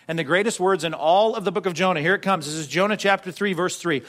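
A man preaching a sermon in a conversational way, with frequent asides to the congregation and sudden shifts from loud to soft. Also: high-pitched, fast, hardly any pauses. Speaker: pastor.

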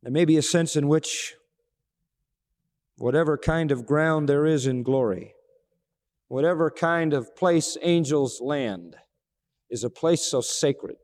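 A man preaching a sermon, expressive, asking rhetorical questions and acting out dialogue. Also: on the high side, slow, pauses often. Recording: long reverb of a large hall.

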